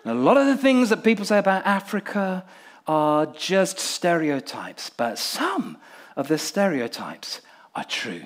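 A man from Nigeria preaching a sermon in an animated, humorous way, acting out crowd responses. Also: sits high, unhurried.

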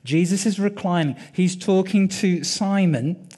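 Animated husky preacher, high voice. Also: male voice. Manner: animated, vivid retelling with dramatic pauses. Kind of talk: sermon storytelling.

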